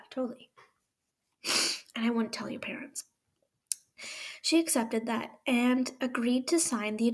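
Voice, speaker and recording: Breathy woman reading fan fiction aloud. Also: a little high. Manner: emotional, sighing and whispering asides. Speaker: fanfiction reader.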